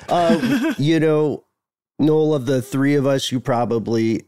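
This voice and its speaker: A man's voice: mid-range voice, slow, dark tone, dry recording, clean studio sound. A man co-hosting a podcast in casual chat, rambling and often correcting himself. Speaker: podcast co-host.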